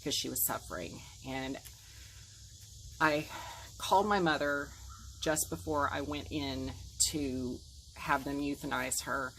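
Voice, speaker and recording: A woman's voice: extremely low pitch, slow, gravelly, long pauses, fairly bright tone, slight background noise, low-quality recording. A woman in her forties telling a painful personal story to camera, earnest and emotional, acting out the things people said. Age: 40s. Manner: earnest, emotional retelling with quoted dialogue.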